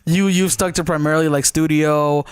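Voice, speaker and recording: A man's voice: a little high, steady tone, a little fast, clean tone, no echo. A man hosting a casual podcast, asking questions with hesitant restarts. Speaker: podcast host.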